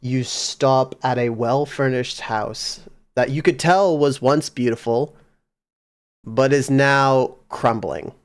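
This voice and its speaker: A man narrating as game master in a tabletop game, unhurried, with frequent fillers. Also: medium pitch.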